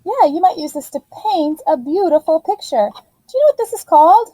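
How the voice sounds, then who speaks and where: A woman teacher giving a phonics lesson to young children in an animated, sing-song voice. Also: extremely high pitch, brisk, no room sound, low-quality recording.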